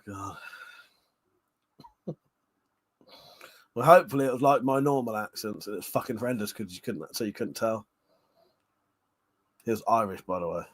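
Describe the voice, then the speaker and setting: A man's voice: medium pitch, a bit bright. A man hosting a casual livestream chat. He swears a lot and laughs often. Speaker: livestream host.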